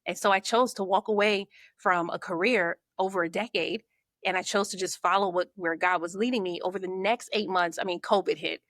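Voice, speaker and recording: A woman's voice: lowish voice, a little fast, dry recording. Dry-sounding woman telling her story. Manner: lively storyteller who acts out her own inner thoughts. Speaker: podcast guest, marketing coach. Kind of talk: conversational storytelling.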